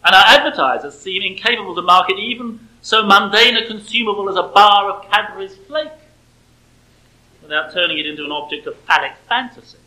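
Male speaker, bright forceful tone, prepared sermon delivery with dry sarcastic edge. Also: high voice, brisk, rough recording. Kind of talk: prepared sermon-style lecture.

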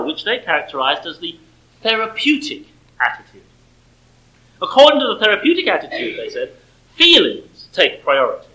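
A man giving a prepared sermon-style lecture, measured and emphatic, with pointed sarcasm. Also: sits high, sharp tone, poor audio. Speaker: speaker.

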